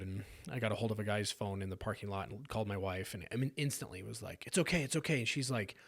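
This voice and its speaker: A man from South Sacramento, a podcast guest, telling a personal story earnestly with halting restarts. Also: lowish voice. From South Sacramento, California.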